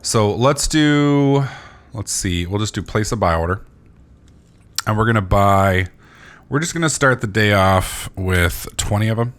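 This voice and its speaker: A sleepy man talks through his gameplay in a somewhat low voice, rambling along with plenty of fillers and restarts. He swears freely and keeps it casual, like a regular gaming channel host. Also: lively intonation, unhurried, a bit bright.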